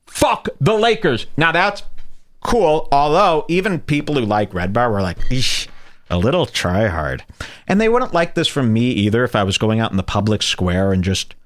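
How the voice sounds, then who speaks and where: A man hosting a radio talk show, ranting casually with mocking impressions and sudden high-pitched bursts, and he has a headache. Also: very animated, normal speed. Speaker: podcast host.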